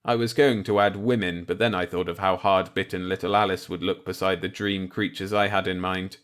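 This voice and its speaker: A man reading a dark science-fiction novel aloud in the first person, measured and low-key. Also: flat delivery. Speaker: audiobook narrator.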